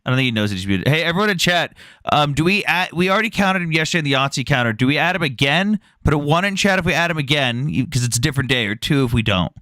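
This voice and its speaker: A man's voice: a little high, animated, fast, bright, forceful tone, no room sound. Dry-sounding mocking male stream host. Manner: mocking, talks to chat. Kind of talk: live debate stream chat.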